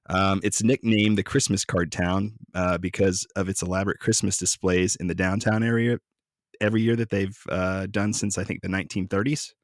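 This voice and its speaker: A man with a very deep voice, co-hosting a casual podcast. He jokes and swears freely in a relaxed way. The sound is close and dry, with no room around it. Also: no echo. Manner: joking, profane, relaxed. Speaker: podcast co-host.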